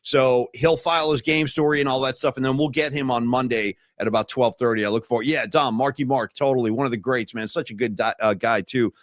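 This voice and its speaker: A man's voice: mid-range voice, fairly even intonation, brisk, few pauses, no echo, studio quality. A man co-hosting a sports podcast, talking casually and candidly, rambling through his worries about the game. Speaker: podcast co-host.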